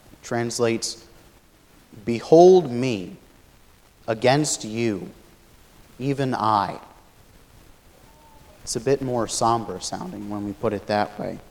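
Lower-voiced man teaching scripture. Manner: thoughtful, many fillers and restarts, explanatory. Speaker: Bible teacher. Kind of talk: Bible study lecture.

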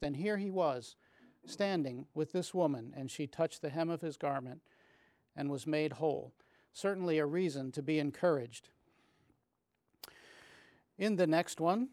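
Guy teaching a bible study, kinda higher voice, slow and thoughtful, dry close sound. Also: darkish tone, dry recording. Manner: measured, reflective, reads scripture aloud with restarts.

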